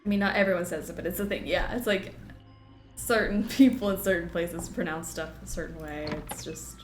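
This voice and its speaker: A woman's voice: lowish voice, fairly quick. A woman from Kentucky and Texas streaming a game, chatting casually in a rambling, giggly way. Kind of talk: casual live-stream chat while gaming. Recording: roomy sound with game music. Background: game music.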